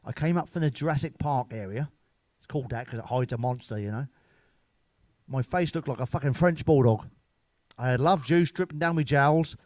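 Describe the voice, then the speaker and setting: A man's voice: mid-range voice, normal speed, darkish tone, no echo. A middle-aged man telling crude, bawdy comic stories as a comedian. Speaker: stand-up comedian. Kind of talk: comic storytelling.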